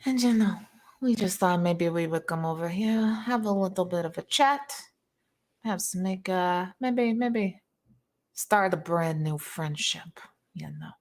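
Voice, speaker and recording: A woman's voice: lowish voice, a little slow, a little mellow, close to an everyday voice. A woman voicing an aging male mob boss in a tabletop game, with a put-on mobster accent and a folksy, schmoozing drawl.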